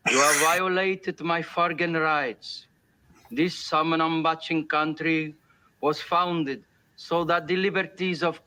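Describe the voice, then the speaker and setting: A man's voice: a little high, sharp tone, poor audio. A man playing a furious self-styled patriot who rants pompously at a panel with mangled swearing.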